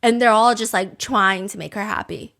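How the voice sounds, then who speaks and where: A woman's voice: medium pitch, moderate pace, gravelly, a bit bright. A woman hosting a podcast, telling a true-crime story in a casual, opinionated way, with frequent "like". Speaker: podcast host.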